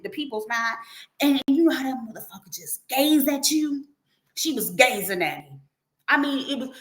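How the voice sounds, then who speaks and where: A middle-aged woman hosting a livestream tells a story in a casual way, animated and profane, acting out the quotes as she goes. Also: sits high, roomy sound. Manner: animated, profane, acts out quotes in her telling. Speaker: livestream host.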